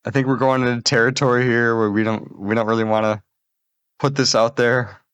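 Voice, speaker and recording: A man's voice: medium pitch, fairly even intonation, brisk, fairly bright tone, clear, resonant tone, no echo. Male comedy podcast host, crude and rambling, dry close-mic sound. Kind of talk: casual comedic banter.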